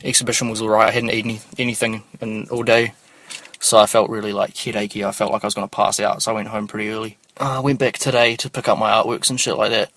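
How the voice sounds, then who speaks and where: A man's voice: on the low side, little pitch movement, fast, fairly bright tone. A young man telling rambling, slangy stories as a podcast host, swearing often. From New Zealand. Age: young adult. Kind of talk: casual storytelling monologue.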